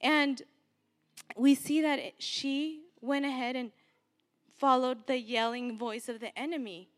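A woman preacher delivers an earnest sermon in a high voice, taking her time over each phrase. She leans on repetition to drive her points home, and a long hall reverb trails after her words. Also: fairly even intonation, a little slow. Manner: earnest, exhorting, repeats key phrases.

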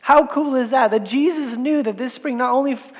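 A woman pastor giving a sermon, telling the story in a relaxed, conversational way with casual asides. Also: sits high, fairly quick. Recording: long reverb in a large hall.

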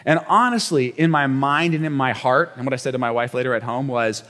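A man preaching a sermon as a pastor, telling a personal story with animated delivery and acted-out quotes. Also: mid-range voice, fairly quick, hardly any pauses, big-room sound.

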